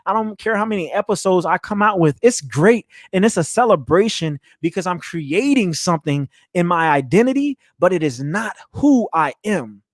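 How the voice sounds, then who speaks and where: A man's voice: sits high, moderate pace, few pauses, dry recording, studio quality. Earnest man hosting a motivational podcast. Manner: earnest, animated, laughs often, repeats words. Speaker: podcast host. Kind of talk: motivational solo podcast talk.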